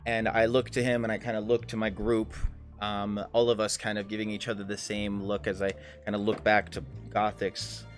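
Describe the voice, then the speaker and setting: A man's voice: fairly low pitch, monotone, moderate pace, faint music behind. A man narrating a tabletop game as game master, rambling with many fillers and restarts.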